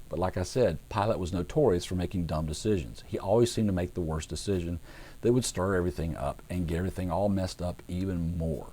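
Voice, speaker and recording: Deep-voiced man telling a Bible story. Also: fast. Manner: conversational storytelling with acted-out voices; relaxed, with fillers and restarts. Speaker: pastor. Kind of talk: casual Bible teaching.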